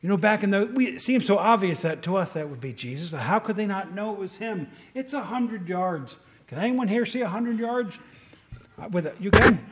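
A man's voice: high voice, lively intonation, moderate pace, slight background noise. A man giving an informal sermon, chatty, asking the congregation questions and often restarting his sentences. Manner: conversational, asks the audience questions, restarts often. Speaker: preacher. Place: room with a tin roof in the rain.

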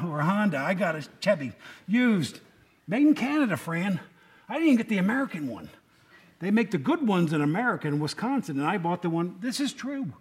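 A male pastor preaching a sermon in a conversational way, full of rhetorical questions and joking asides. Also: sits high.

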